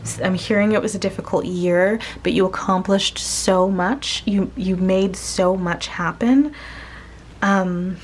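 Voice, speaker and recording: A woman giving a casual spoken tarot reading to her viewers, gentle and searching, pausing often and restarting her sentences. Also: medium pitch, slight background noise. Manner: slow, gentle, searching, with many pauses and restarts. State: tearful, emotional. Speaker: tarot reader.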